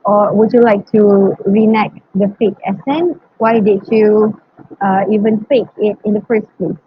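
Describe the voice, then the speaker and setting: A woman's voice: medium pitch, steady tone, unhurried, husky, narrow, tinny audio. A young woman asking interview questions in a hesitant way, with fillers. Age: young adult. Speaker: student interviewer.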